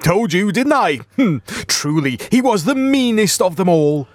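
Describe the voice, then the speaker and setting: A man's voice: sits high, very animated, a little slow, no echo. A man narrating a comic story in a playful way, with chatty asides to listeners.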